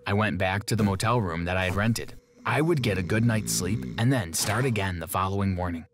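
A man giving scripted first-person narration of an animated story in a plain, steady telling. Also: low-pitched, brisk, crowd noise. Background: background music.

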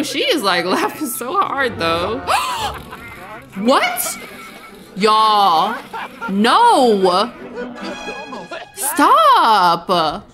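A woman hosting a let's play, giving casual, excitable game commentary and laughing often. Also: a little high.

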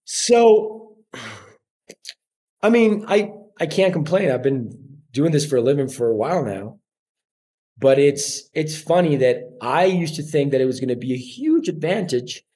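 A man in his forties with a Colombian Spanish accent, chatting as a podcast guest and telling stories with lively acted-out quotes. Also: medium pitch, moderate pace. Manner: animated storyteller acting out quoted voices. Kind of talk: casual interview chat.

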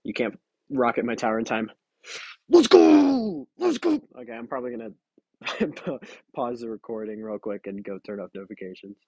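A man's voice: lowish voice, fairly even intonation, fast, no echo, dull audio. A tired young man giving casual, giggly, self-mocking commentary while playing a mobile game. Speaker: gaming video creator.

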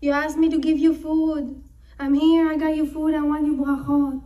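A woman's voice: sits high, flat delivery, normal speed, dark tone, roomy sound, distant mic, close to an everyday voice. A woman voicing a wild young man who cries out and pleads with his father in a raised voice. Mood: pleading.

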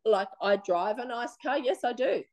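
A woman with an Australian accent, telling her own story in a blunt, animated, plain-spoken way during an interview. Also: on the high side, moderate pace. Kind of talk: casual personal storytelling.

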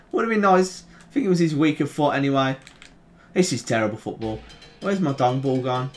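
A young man with a Birmingham accent giving excitable, chatty play-by-play commentary on a football video game, groaning and shouting at near misses. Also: fairly high pitch, brisk, faint music behind. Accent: Birmingham English. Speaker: gaming YouTuber.

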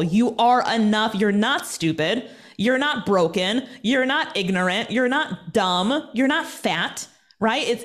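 Brief: woman motivational guest, punchy and emphatic, mid-pitched, heard over a video call. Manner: emphatic, energetic, repeats points for effect. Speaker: interview guest, TV personality and speaker. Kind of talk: motivational interview talk.

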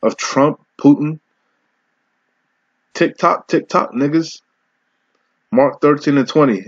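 Profane scolding preacher, muffled dry audio. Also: male voice, on the high side, slightly rough, no echo. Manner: harsh, profane, scolding, slows to read verses. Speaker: street preacher. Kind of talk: confrontational sermon with scripture reading.

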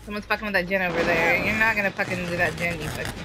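A woman's voice: fairly low pitch, fairly even intonation, very fast. A woman streamer giving casual gameplay commentary, swearing and taunting the other players. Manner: profane trash-talking, taunting opponents. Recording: noisy background.

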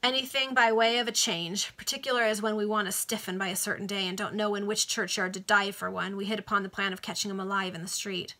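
A woman reading aloud, voicing a sulky male burglar with rough street speech. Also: medium pitch, little pitch movement, fast, hardly any pauses, pushed and bright.

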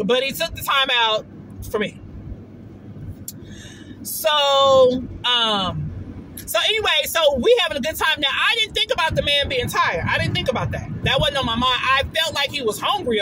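A woman telling a story in a casual vlog, chatty and expressive, often saying "baby" and putting on voices when she quotes people. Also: high-pitched, a little hiss or hum, low-quality recording. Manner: quotes others in shifted voices. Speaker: vlogger.

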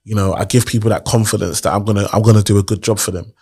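A man speaks in a slightly low voice. He sounds earnest and motivational in a relaxed interview and keeps posing rhetorical questions. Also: very fast, slightly rough. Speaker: guest. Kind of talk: casual interview storytelling.

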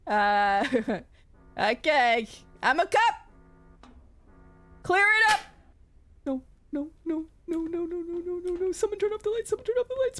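Very high-voiced, jumpy woman streamer. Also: lively intonation, normal speed, long pauses, a bit bright. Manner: jumpy, yelps and repeats herself when scared. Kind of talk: live gaming commentary.

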